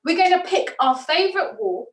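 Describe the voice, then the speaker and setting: A woman, a theatre director leading an online acting workshop, talking in a lively, demonstrative way. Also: extremely high pitch, normal speed. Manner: lively, demonstrative, laughs often. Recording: echoey room, mic at a distance.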